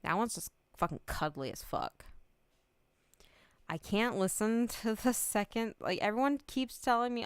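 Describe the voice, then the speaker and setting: A woman's voice: on the high side, lively intonation, unhurried, long pauses, clean tone, dry recording. A young adult woman streamer chatting casually, rambling, giggling often and swearing freely. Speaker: VTuber streamer.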